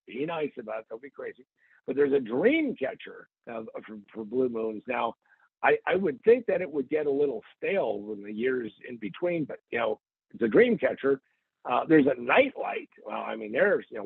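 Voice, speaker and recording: Gravelly joking man on a tinny line. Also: mid-range voice, sing-song, normal speed, dry recording. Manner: joking storyteller with playful asides. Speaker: podcast host. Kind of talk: casual comic podcast chat.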